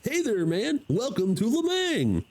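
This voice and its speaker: A man voicing a friendly male mercenary quartermaster with a put-on Canadian accent and breezy, drawn-out greetings. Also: extremely high pitch, wildly swooping pitch, darkish tone, voice pushed up, full character voice. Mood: jovial.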